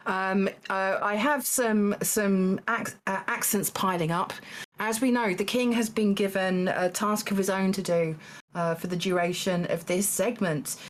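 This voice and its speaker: A woman hosting a live-streamed game show, talking in a halting way with lots of fillers and small laughs. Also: medium pitch, fairly even intonation. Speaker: Taskmaster host.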